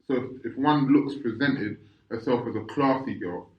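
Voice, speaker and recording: A man's voice: mid-range voice, normal speed. A man, co-hosting a podcast in casual chat, rambling with many restarts and checking if you understand. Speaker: podcast co-host. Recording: echoey room, slightly muffled sound.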